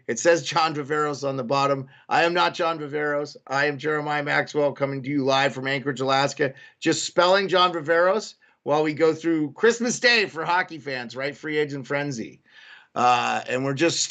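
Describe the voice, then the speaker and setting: A man's voice: a little high, fairly bright tone. A young man hosting a live stream, chatting casually with viewers and reacting to news as it comes in. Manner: casual, greets chat viewers by name, thinking aloud. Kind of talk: live chat commentary.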